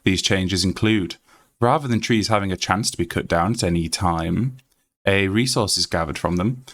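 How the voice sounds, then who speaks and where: A Yorkshire man chatting on his game stream. His voice sits low and relaxed. He rambles freely, reads text aloud, and fills the gaps with ums and uhs. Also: normal speed. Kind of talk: casual live-stream chat.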